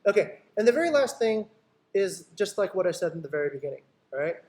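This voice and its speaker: Man, higher voice, lively coach who acts out client talks and keeps checking in with his team. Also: fast talker. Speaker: company CEO training his sales team. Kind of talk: sales training in an online video meeting.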